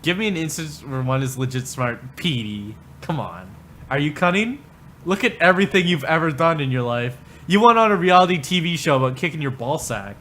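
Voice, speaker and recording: A man's voice: fairly high pitch, expressive, a little fast, sharp tone, a little hiss or hum. A man ranting crudely on a livestream, rambling and mocking, often laughing. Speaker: streamer.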